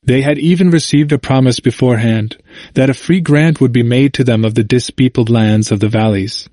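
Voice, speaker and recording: A man narrating a history audiobook in a measured, formal manner. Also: mid-range voice, dark tone, no room sound, studio quality.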